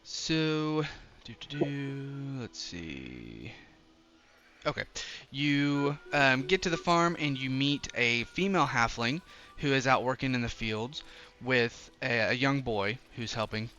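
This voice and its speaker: Bright-voiced male game master. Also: mid-range voice, lively intonation, slow, highs cut off. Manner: casual and laughing often. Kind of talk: narrating a tabletop game.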